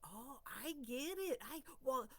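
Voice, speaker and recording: A woman's voice: sits high, lively intonation, measured pace, pushed and bright, voice pushed up, full character voice. A woman doing a hesitant, apologetic male boss. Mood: concerned. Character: polite male office boss, concerned.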